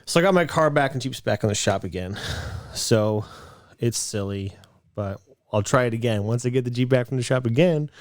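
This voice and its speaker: A man's voice: medium pitch, normal speed, no echo. Rambling man in his late twenties, dry sound. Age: late 20s. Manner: rambling storyteller, restarts, animated in quotes. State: a bit out of breath. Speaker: podcast co-host. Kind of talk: casual chat.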